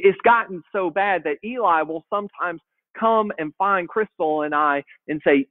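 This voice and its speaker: A man's voice: fairly high pitch, dry recording. A man in his thirties, a pastor preaching a folksy, conversational storytelling sermon, often repeating his words as he goes. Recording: tinny phone-like dry sound.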